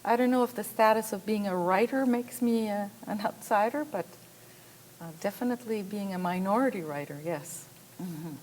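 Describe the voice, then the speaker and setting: A woman's voice: medium pitch, normal speed, darkish tone, rough recording. Woman on a panel, hesitant, lots of ums, faint room hum behind. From Manitoba, Canada. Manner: hesitant, with many fillers. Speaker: panel guest author. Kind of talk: panel discussion.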